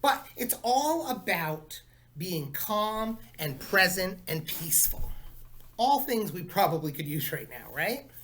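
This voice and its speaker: A male teacher chatting to his class and reading a picture book aloud, animated and chatty. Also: high voice, slow, slight background noise.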